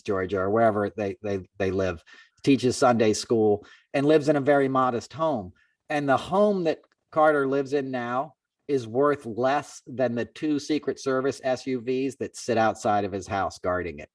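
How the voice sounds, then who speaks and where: A man hosting a podcast tells a long story in a loose, chatty, animated way, raising his voice higher to act out the people he quotes. He sits a little back from the mic, so the sound is distant and dry.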